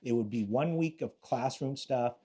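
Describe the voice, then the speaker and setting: Mellow-voiced older man telling cop stories. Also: medium pitch, normal speed, husky. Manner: profane, rambling, many restarts. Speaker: retired police detective, guest. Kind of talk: casual storytelling interview.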